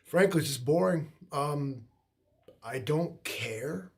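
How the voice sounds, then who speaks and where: A man's voice: on the high side, expressive, slow, slightly rough. A young man co-hosting a livestream who rambles in a loose, laid-back way, full of likes and ums. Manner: laid-back, meandering, with a lot of filler. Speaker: livestream co-host. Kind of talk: rambling casual chat.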